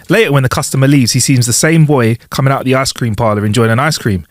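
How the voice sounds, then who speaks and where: A man co-hosting a podcast, telling jokes in an animated way and slowing down for the punchlines. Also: medium pitch, no room sound, studio quality. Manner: animated storytelling, slows down for punchlines. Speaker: podcast co-host. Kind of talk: casual chat, telling jokes.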